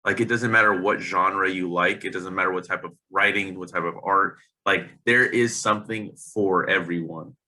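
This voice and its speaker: A man's voice: low voice, steady tone, normal speed, hardly any pauses, pushed and bright. A man hosting an interview show, talking casually with enthusiasm and loose, rambling phrasing. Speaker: host.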